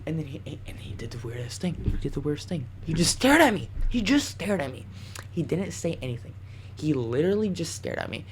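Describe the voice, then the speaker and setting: A young man vlogging, telling a wild story in casual slang with plenty of swearing and animated bursts. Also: a little high, normal speed, a little hiss or hum.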